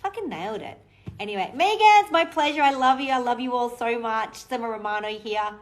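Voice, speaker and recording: A woman in her forties with an Australian accent, a relationship coach talking casually to camera, blunt and animated, swearing freely. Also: fairly high pitch, a little fast, low-quality recording.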